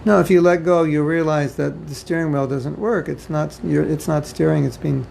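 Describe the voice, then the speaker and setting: A man's voice: on the high side, fairly even intonation, normal speed, creaky, darkish tone, slight background noise, low-quality recording. A man from the United States giving an informal spiritual class, conversational with joking asides and frequent repetition. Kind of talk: informal lecture to devotees. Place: home or temple room, faint ambience behind.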